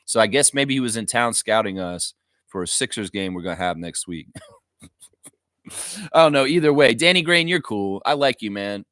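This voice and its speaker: A man's voice: medium pitch, fairly bright tone, no room sound, clean studio sound. A man hosting a live fan reaction stream, talking casually with strong opinions and reading viewer comments aloud. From United States and Canada. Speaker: fan show host.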